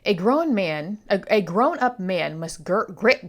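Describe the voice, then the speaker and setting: A woman's voice: mid-range voice, very animated, slow pace, few pauses. A woman giving a casual, chatty book review on her vlog, rambling with playful asides while congested from allergies.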